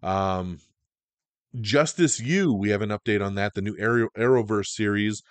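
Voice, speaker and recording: A man's voice: lowish voice, normal speed, dry recording. A man hosting a podcast, giving a casual, enthusiastic, slangy run through entertainment news. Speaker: podcast host.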